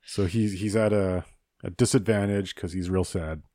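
A man's voice: deep voice, steady tone, moderate pace, dark tone. A man hosting a casual podcast chat, decisively laying out scenarios and making rulings. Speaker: podcast host running a hypothetical movie showdown.

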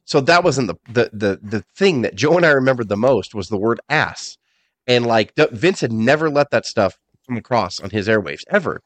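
A man co-hosting a podcast, telling stories in animated casual chat, swearing freely. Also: mid-range voice, normal speed, no room sound. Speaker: podcast co-host.

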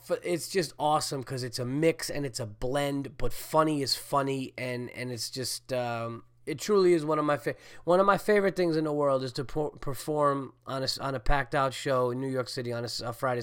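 A congested man, a stand-up comedian and podcast host, talking in a rambling, animated monologue full of fillers and swearing. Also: medium pitch, moderate pace, clean tone. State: congested, getting over a cold. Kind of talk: casual solo podcast monologue.

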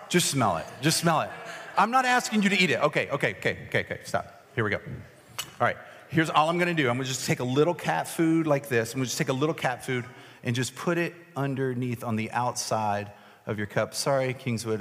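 Casual pastor in a reverberant hall. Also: male voice, mid-range voice, a bit bright. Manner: casual, self-deprecating, joking with volunteers. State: voice cracking. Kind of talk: sermon with a live object lesson. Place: large hall with an audience.

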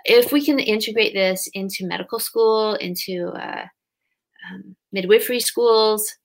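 Earnest woman explaining gently. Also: medium pitch, unhurried. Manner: earnest, animated when acting out parents and kids. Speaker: guest, grief companion trainer. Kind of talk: conversational interview.

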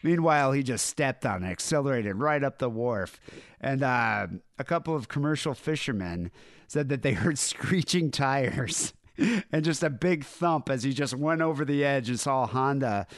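A man's voice: medium pitch, lively intonation, normal speed, no room sound, studio quality. A man co-hosting a podcast, retelling news stories in casual, irreverent chat and laughing often. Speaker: podcast co-host.

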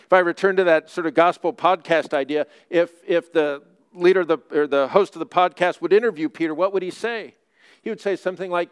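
A man's voice: high voice, a little fast, clean tone. A male priest preaching a sermon in an earnest, conversational storytelling way.

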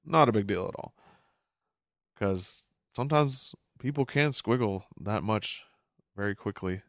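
A man's voice: on the low side, lively intonation, measured pace, no room sound, clean studio sound. Chuckling man recapping a cartoon. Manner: chuckles often, reads out captions. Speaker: show recap host. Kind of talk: casual episode recap commentary.

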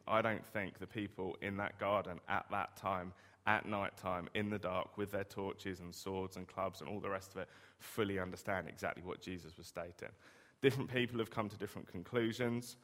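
Preaching in a chatty manner, a man often asks his listeners rhetorical questions, his voice lowish and fairly bright. The sound carries the lengthy reverb of a hall.

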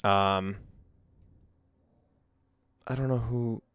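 This mid-thirties musician talks casually on his solo podcast, livestreamed by tablet and phone from his Nashville home, rambling with lots of ums, restarts, and self-corrections. He speaks very slowly in a steady, clean, fairly bright voice on the low side, and the recording is dry.

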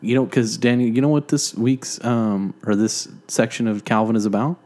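A man's voice: medium pitch, level tone, normal speed, a little mellow. Rambling, jokey podcast host man. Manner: self-deprecating, jokey, rambling with many fillers. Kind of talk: casual joking podcast chat. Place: living room.

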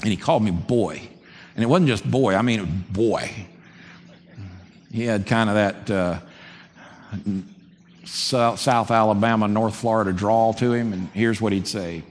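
A man preaching a sermon as a pastor, conversational and animated. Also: fairly low pitch, a little slow, pauses often. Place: church sanctuary. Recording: long hall reverb, faint background noise.

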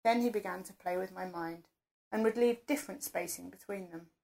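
A woman narrating an intimate first-person audio story in a soft, close, breathy storytelling manner. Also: mid-range voice, fairly quick.

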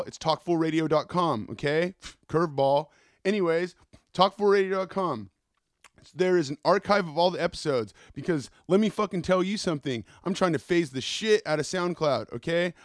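A man's voice: on the high side, brisk, dry recording. A man hosting a podcast, telling rambling stories in a casual, profane monologue into a close mic. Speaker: podcast host.

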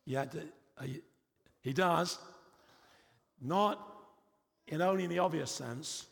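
A man's voice: a little high, slow pace, creaky, a bit bright, in a large hall. A man preaching a sermon in a church, emphatic and repetitive, with frequent rhetorical questions.

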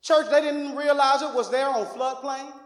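A man's voice: extremely high pitch, fairly even intonation, moderate pace. A male pastor preaching a sermon, calling out to his congregation and laughing as he tells a story. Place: church sanctuary. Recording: echoey hall.

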